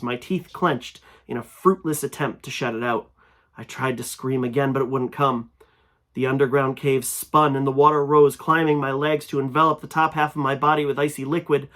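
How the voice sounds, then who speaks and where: Man reading a horror story aloud. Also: medium pitch. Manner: grows louder and tense in frightening passages. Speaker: fiction reader. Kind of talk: first-person horror audiobook narration.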